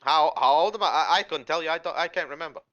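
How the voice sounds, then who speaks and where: A man voicing a centuries-old female night hag in a put-on Boston accent, high-pitched, crude and brash. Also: fast, fairly bright tone, highs cut off, lightly acted. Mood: breezy.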